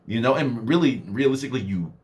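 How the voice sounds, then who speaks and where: A man's voice: mid-range voice, expressive, fast talker, a little mellow. A man talking casually in a motivational vlog, rambling, laughing often and acting out the people he quotes. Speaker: motivational vlogger and mentor.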